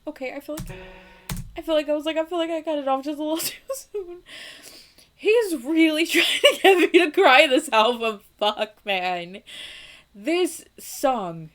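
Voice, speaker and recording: Young woman, music reaction host, emotional, laughs a lot, casual swearing, fairly high voice. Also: animated, measured pace, a bit bright.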